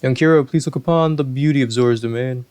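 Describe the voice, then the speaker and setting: A man's voice: mid-range voice, darkish tone, smooth, natural voice. A man voicing a grave old fish-folk king. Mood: regal. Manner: formal, stately, slow and courtly. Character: aged male fish-folk king, huge, regal and grave.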